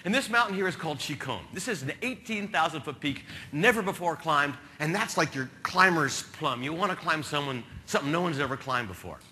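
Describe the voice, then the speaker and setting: Male keynote speaker, comic storyteller, highish lively voice, light background noise. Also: brisk, hardly any pauses. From New Jersey. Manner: animated, comic storytelling with sudden loud bursts.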